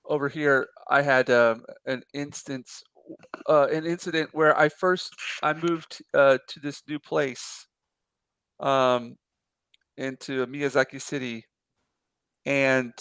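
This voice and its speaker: A man's voice: a little high, gravelly, fairly bright tone, clear, resonant tone, dry recording. A man chatting casually on a live art stream, telling a long story with many fillers and restarts. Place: apartment in a city.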